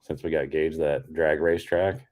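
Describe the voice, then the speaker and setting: A man's voice: rumbling low, a little slow. A man in his thirties co-hosting a podcast over a call, chatting casually with easygoing restarts. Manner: relaxed, rambling with restarts. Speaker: podcast co-host. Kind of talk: casual chat.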